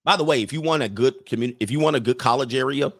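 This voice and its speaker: A man's voice: medium pitch, fast talker, no echo, studio quality. A man hosting a livestream in casual chat, rambling and laughing often as he reads out viewer messages.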